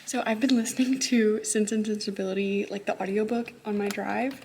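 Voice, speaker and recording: A young woman, a high school teacher, chatting casually to her phone camera in a vlog, upbeat and full of "like" and "um". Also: fairly even intonation, fairly quick, a little mellow, a little hiss or hum. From Texas. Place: her car and classroom.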